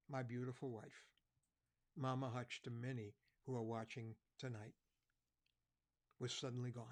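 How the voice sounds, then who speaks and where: A man preaching an evangelistic sermon, earnest, dropping to a soft, quiet voice at key points. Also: medium pitch.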